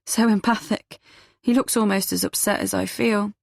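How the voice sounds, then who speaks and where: A woman narrates a first-person audiobook at a middling pitch. Her voice has a gravelly, fry-touched texture. The sound is dry and close, with no room around it. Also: steady tone, moderate pace, no echo.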